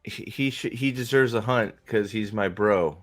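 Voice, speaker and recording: A man voicing a slow, dim male alien hunter brother in halting mock dialogue. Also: on the low side, faint music behind, voice pushed down, close to an everyday voice. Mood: dopey.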